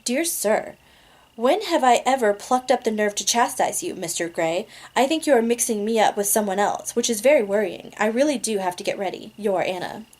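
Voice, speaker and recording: A woman's voice: a little high, animated, normal speed, darkish tone. A woman reading a romance novel aloud in a casual amateur way, laughing at her own slips. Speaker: reader.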